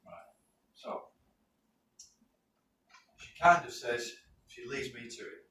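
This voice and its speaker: Northern English instructor in a roomy classroom. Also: male voice, mid-range voice, takes it slowly, sharp tone. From North of England. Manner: chatty, asks the class questions and checks in with "right?". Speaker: safety course instructor. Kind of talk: classroom lecture with anecdotes. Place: training classroom. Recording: roomy, distant mic with faint noise.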